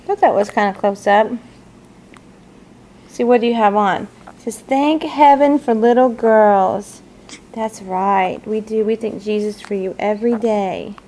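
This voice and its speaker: A woman's voice: medium pitch, fairly even intonation, moderate pace, a little mellow. A new mother filming herself at home and cooing to her newborn baby in sing-song baby talk, recorded on a handheld camcorder.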